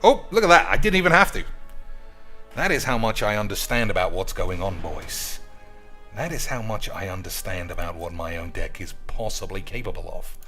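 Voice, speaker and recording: Man, game streamer, crude jokey commentary, bright voice, faint music underneath. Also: low voice, moderate pace. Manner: crude, joking and excitable.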